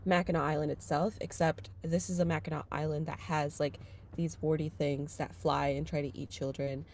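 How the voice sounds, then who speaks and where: A young woman co-hosting a casual book chat podcast, animated and quick to laugh, often quoting the characters. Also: low voice, slight background noise. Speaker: podcast co-host.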